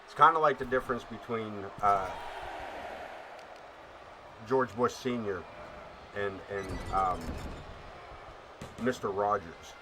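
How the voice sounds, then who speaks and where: A man's voice: fairly low pitch, slow, pauses often, noisy background. A man casually commentating as he streams a wrestling game. He rambles and jokes, with lots of fillers and restarts. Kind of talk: casual chat.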